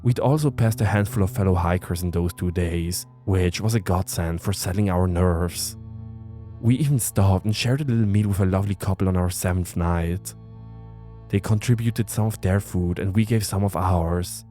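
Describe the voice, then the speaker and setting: A man narrating a first-person horror story in a tense, measured way. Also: low-pitched. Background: soft music.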